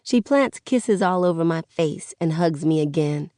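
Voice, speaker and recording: A woman narrating an audiobook in first person, with steady storytelling. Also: sits low, a little slow, hardly any pauses, no room sound, clean studio sound.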